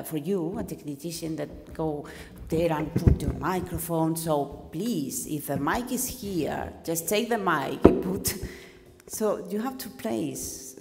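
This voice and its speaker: Low, slow-talking woman coaching a class. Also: dark tone. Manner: directive, interrupts with quick corrections. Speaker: workshop instructor, speech coach. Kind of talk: live coaching in a workshop. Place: university classroom. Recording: roomy hall with faint noise.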